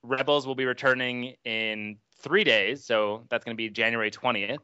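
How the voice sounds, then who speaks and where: Bright, crisp-voiced male podcast announcer. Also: medium pitch, steady tone, no room sound. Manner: quick, enthusiastic announcing. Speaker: podcast co-host. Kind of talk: casual chat. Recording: dry, slightly dull audio.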